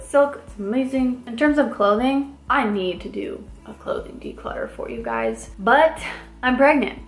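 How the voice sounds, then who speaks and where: A woman in her thirties from the American Midwest, chatting casually to camera as a lifestyle vlogger in an upbeat way, with lots of "like" fillers. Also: on the high side. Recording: roomy echo with faint music.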